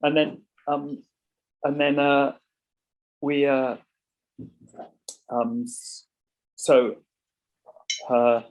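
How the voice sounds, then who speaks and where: A man's voice: medium pitch, flat delivery, very slow, pauses often, a little mellow, low-quality recording. A middle-aged man, a songwriter talking casually in an interview, rambling with many restarts and repeats. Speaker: songwriter guest.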